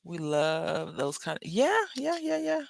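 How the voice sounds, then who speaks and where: A woman's voice: fairly low pitch, sing-song, measured pace, creaky, a little mellow, no room sound. A woman hosting a crafting tutorial, chatting casually and rambling into asides to her viewers as she works. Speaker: crafting channel host.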